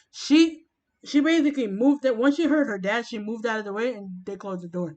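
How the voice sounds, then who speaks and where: A woman in casual chat, rambling with many halting restarts. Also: fairly high pitch, animated, dull audio.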